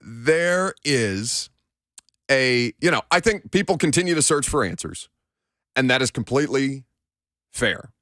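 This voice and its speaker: Male sports radio host, lively rising and falling voice, dry studio mic, blunt opinionated talk. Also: medium pitch, measured pace, pauses often, no room sound. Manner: bantering, then blunt opinionated analysis. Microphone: studio microphone.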